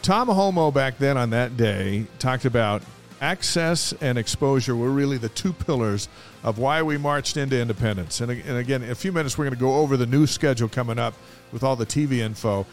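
A man's voice: mid-range voice, animated, brisk, soft background music. Man telling stories on a sports podcast. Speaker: podcast co-host. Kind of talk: casual sports chat and storytelling.

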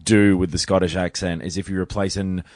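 A man's voice: low voice, flat delivery, brisk, darkish tone, dry recording. A young man, a podcast guest who chats in a rambling, laid-back way and swears casually. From Australia. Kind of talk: casual remote chat.

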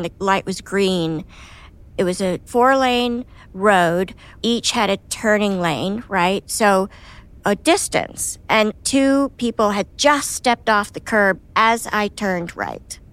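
A woman with a mid-range voice hosts a relaxed conversation. She speaks frankly and expressively. She swears now and then when she is annoyed. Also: mid-range voice, smooth. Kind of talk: casual conversational chat.

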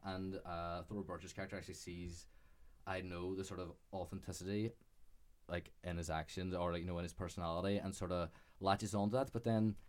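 Casting: deep-voiced podcast co-host, hesitant and casual. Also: male voice, little pitch movement, a little fast, darkish tone. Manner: hesitant, filler-heavy. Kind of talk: casual film chat.

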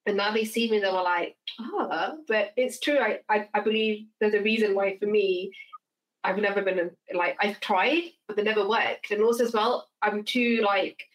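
A woman's voice: mid-range voice, normal speed, low-quality recording. A woman hosting a podcast, telling personal stories in casual chat with frequent laughs. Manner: animated storyteller, laughs often. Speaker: podcast host.

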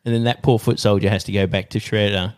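A man's voice: lowish voice, fairly even intonation, fast talker, a little mellow, smooth. A man co-hosting a podcast, casually building silly scenarios in a storytelling way. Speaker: podcast co-host. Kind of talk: casual comedic chat.

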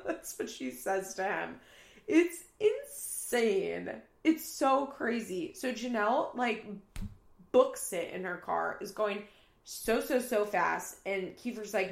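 Chatty woman with a gravelly voice. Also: medium pitch, lively intonation, slow, reverberant. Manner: chatty, laughing, acts out quotes. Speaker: reality TV recap commentator. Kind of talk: casual recap chat. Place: apartment room.

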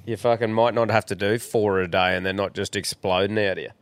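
A chatty Australian man with a lowish voice co-hosts a podcast, blunt and freely swearing. The sound is dry and close, with no room around it. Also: fairly even intonation, fast, smooth, no room sound. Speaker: podcast co-host. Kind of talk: casual crude banter.

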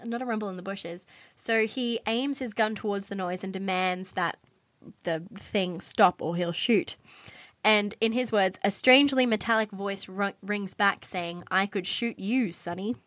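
A woman co-host tells a dramatic story in casual chat, animated and peppered with fillers and swearing. Her voice sits at a middle pitch. The sound is dry and close. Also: a little slow, no echo. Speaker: podcast co-host telling a true crime story.

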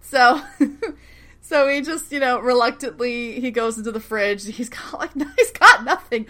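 A woman's voice: fairly high pitch, unhurried. A young woman co-hosting a casual recap podcast, laughing often and acting out characters' lines as she retells scenes. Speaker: podcast co-host recapping a TV series. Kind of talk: casual chat.

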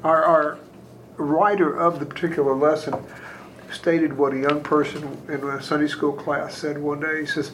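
A man's voice: a little high, level tone, moderate pace, a little hiss or hum, low-quality recording. Hesitant man sharing Bible thoughts. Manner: warm, hesitant, many fillers. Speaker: Bible study member. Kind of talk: casual Bible discussion.

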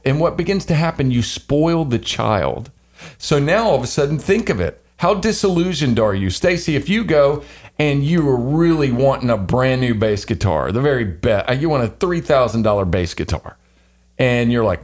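A man's voice: mid-range voice, very animated, moderate pace. Emphatic joking male podcast co-host. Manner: emphatic, joking, preacher-like rhetorical questions. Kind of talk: casual podcast discussion.

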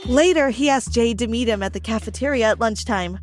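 Higher-voiced woman telling a first-person story. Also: fairly quick, faint music behind. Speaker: narrator. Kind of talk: storybook narration.

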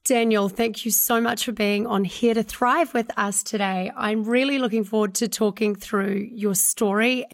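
A woman's voice: mid-range voice, steady tone, moderate pace, hardly any pauses. A woman hosting a podcast, upbeat and earnest, reading her intro and then interviewing a guest. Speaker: podcast host. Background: music.

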